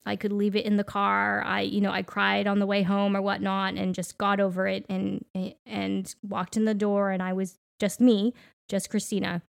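A woman in her thirties chats casually on her podcast, thinking aloud with plenty of ums. Her mid-pitched voice has a gravelly fry to it. The recording is dry and close to the mic. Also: monotone, normal speed, dry recording. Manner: conversational, reflective, many fillers. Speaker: podcast co-host.

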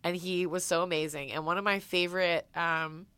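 A woman telling a story in casual chat, animated, swearing and quoting people as she goes. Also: fairly low pitch, normal speed, clear, resonant tone, dry recording.

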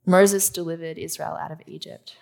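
A woman preaching a sermon, her voice slightly low and gravelly. She teaches as she goes, putting questions to the congregation and answering them herself. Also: fairly even intonation, normal speed, darkish tone. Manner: teaching, asks the audience questions.

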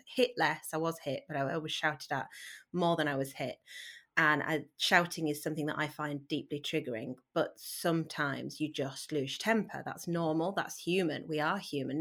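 A woman in her thirties, talking candidly and earnestly as a podcast guest, with sudden lively bursts. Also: deep voice. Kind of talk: candid conversational talk.

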